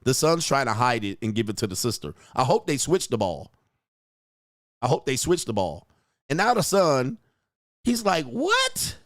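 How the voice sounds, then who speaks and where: Guy ranting over a video clip, swings his pitch all over, dry close sound, cussing and doing little voices. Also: moderate pace, no echo. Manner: blunt, profane, animated, acts out people's lines. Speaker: commentator reacting to a viral video. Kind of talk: casual reaction commentary.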